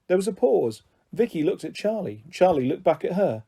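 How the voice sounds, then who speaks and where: A man reads a children's book aloud, his voice warm and mellow. His pitch sits fairly high and moves a lot, and he jumps up higher still when he voices the characters. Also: sing-song, moderate pace, creaky, slightly rough. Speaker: storyteller.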